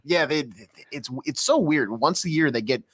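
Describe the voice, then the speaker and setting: A man's voice: a little high, lively intonation, moderate pace. A man on a radio show's crew, rambling through a story with plenty of fillers. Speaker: show crew member. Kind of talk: casual studio banter.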